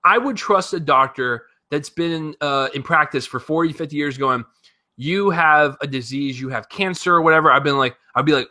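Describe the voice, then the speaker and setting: A man giving a casual spoken movie review, animated and profane, rambling with lots of fillers and restarts. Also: on the high side, normal speed. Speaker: film reviewer.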